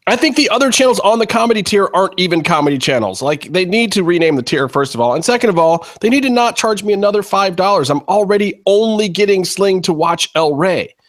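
A man's voice: sits high, expressive, fast talker, few pauses. Profane ranting podcast man. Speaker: podcast host. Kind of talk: casual podcast chat.

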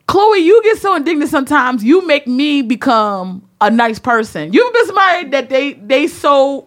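A woman's voice: high voice, sing-song. A woman in casual chat who teases a friend and mimics people. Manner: teasing, mimics others in quick bursts.

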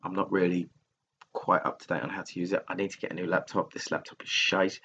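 Alone on his podcast, a man delivers a candid, casual personal monologue, rambling, swearing often and restarting his sentences. His low voice barely moves in pitch and comes quickly, with vocal fry and a pushed, bright quality. It is captured with laptop recording software, sounding dull with slight background noise.

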